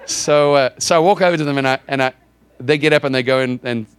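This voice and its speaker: A man's voice: mid-range voice, fast. A man, a pastor, telling a personal story in a sermon and acting out the conversations in it. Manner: animated, acts out dialogue with God in raised voices.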